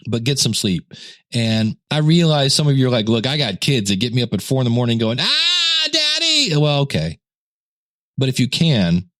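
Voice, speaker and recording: A man's voice: mid-range voice, dry recording, clean studio sound. A middle-aged man hosting a podcast in casual talk, joking and acting out little scenes. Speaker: podcast host.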